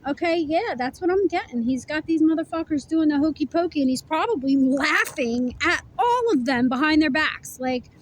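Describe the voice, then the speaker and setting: A woman's voice: high-pitched, lively intonation, moderate pace, few pauses, slight background noise, rough recording. A woman giving a casual tarot reading to camera, blunt and profane, chewing food while she talks. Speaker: tarot reader.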